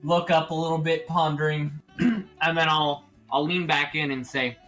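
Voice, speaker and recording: A man's voice: a little high, steady tone, moderate pace, fairly bright tone, soft background music. A man playing a tabletop game, playfully describing what his character does. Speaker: player. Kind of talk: casual tabletop game chat.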